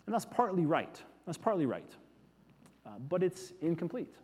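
A man preaching a sermon, earnest, repeating key words and letting them fall soft. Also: on the high side, sing-song, normal speed, breathy edge, long reverb tail. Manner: earnest, with emphatic repetitions falling soft. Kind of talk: sermon teaching on scripture.

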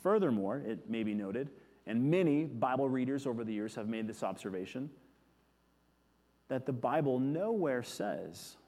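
Male preacher, mid-pitched, earnest teaching sermon, echoing hall. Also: lively intonation, moderate pace. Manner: earnest, with emphatic repetitions falling soft.

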